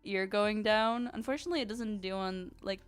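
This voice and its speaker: A woman's voice: medium pitch, brisk, clean tone, soft background music. A woman streamer chatting casually and reading chat aloud, giggling often and using lots of fillers. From Ukraine.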